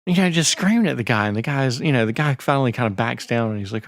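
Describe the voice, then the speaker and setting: Gravelly, rambling podcast guy. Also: mid-range voice, expressive, quick pace, few pauses, no room sound, clean studio sound. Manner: rambling, profane, reads screen text aloud. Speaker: podcast co-host. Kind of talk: casual chat.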